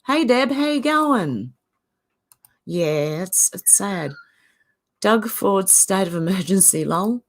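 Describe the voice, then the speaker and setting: Slow-talking Australian woman reading chat. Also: medium pitch, expressive. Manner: greets chatters and reads comments aloud, chatty. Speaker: livestream host. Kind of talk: casual live-chat talk.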